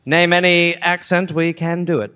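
A man's voice: high voice, little pitch movement, normal speed, pushed and bright, clean tone. A male comedian playing a chatty, boastful English army deserter who pretends to be from Kentucky, in a put-on English accent. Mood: smug. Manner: chatty, boastful, mock-posh. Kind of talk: improvised comic bit on a live podcast.

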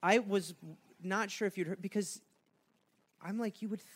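A man's voice: sits high, steady tone, normal speed, husky. A man co-hosting a comedy podcast, telling stories in casual chat and laughing often at his own jokes.

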